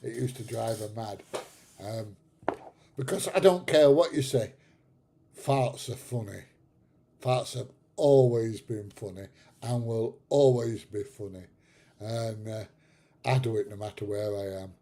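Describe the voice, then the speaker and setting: A middle-aged man with a gravelly, dark voice chats to his livestream viewers. He rambles through stories and laughs at his own jokes. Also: on the low side, measured pace, pauses often. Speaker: livestream host. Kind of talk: casual chat with live viewers.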